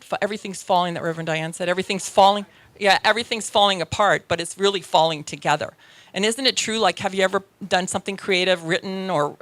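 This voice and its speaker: A woman's voice: on the low side, fairly bright tone, dry recording. A woman minister giving a chatty, self-deprecating sermon, often checking in with the congregation. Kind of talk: conversational sermon.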